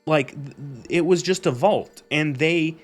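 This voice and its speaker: A young man streamer recapping a show in a casual, exasperated rant, animated and swearing freely. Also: on the high side, slow pace, slightly rough, faint music behind.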